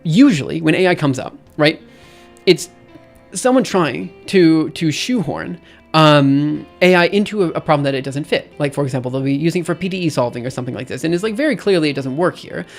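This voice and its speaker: A man's voice: on the high side, expressive, a little fast. Man streamer, ranting, exasperated, repeats himself, faint music behind. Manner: exasperated, repetitive, restarts often. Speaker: streamer reviewing papers. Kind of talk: casual ranting commentary.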